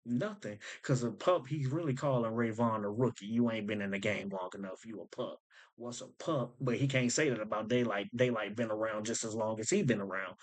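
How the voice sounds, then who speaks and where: A man's voice: fairly low pitch, brisk. A man hosting a rap breakdown, explaining wordplay in casual commentary and repeating lines to unpack them.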